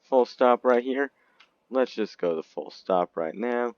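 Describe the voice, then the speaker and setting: A man's voice: medium pitch, expressive, measured pace, dry recording, pitched above the performer's own voice. A man voicing a ship captain barking orders in a game video, on a dull lo-fi recording. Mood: commanding. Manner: shouting commands.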